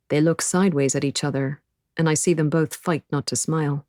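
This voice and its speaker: A woman narrating an audiobook in the first person, measured and quiet. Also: low-pitched, steady tone, no room sound, studio quality.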